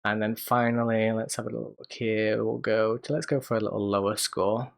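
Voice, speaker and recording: A man's voice: fairly low pitch, fairly even intonation, a little fast, gravelly. Chatty man hosting a news podcast. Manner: chatty, reading quotes aloud with asides. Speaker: podcast host. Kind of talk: casual news roundup.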